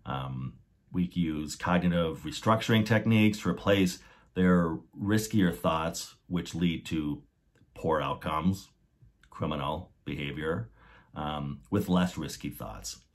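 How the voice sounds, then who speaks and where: A man's voice: very deep voice, slow pace. A man hosting a podcast, explaining ideas methodically and restating his key points. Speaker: podcast host.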